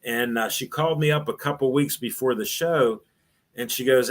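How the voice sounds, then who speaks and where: A man's voice: mid-range voice, moderate pace. An older man, a former sports radio host, telling rambling anecdotes in an interview and acting out the voices of the people he quotes. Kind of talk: storytelling in a casual interview.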